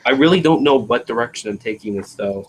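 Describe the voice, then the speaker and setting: A man's voice: mid-range voice, lively intonation, quick pace, a little hiss or hum, poor audio. A man hosting a casual stream, talking in a laid-back way and thinking aloud while he builds. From northeastern Pennsylvania, USA. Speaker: stream host building a toy train station. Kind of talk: casual chat.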